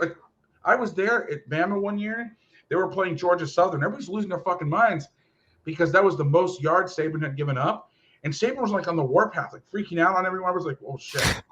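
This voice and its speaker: A man hosting a football talk show, ranting casually and profanely about coaching. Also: on the high side. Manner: animated, profane, fast ranting. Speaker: football podcast host and coach. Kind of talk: casual rant. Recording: lo-fi muffled audio.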